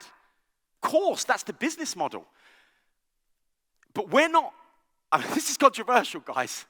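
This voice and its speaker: A man delivers an animated conference keynote with a high, lively voice that swoops up and down. He talks in a bright, joking and conversational way, often checking in with the audience. His voice carries a long reverb from a large hall. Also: unhurried, long pauses, slightly rough. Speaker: conference speaker. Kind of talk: keynote talk.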